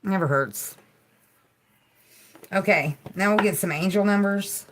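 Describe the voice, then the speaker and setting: A woman hosting a healing livestream, speaking soothing affirmations and chatting casually with soft, giggly asides. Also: mid-range voice, measured pace, a little hiss or hum. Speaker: livestream host.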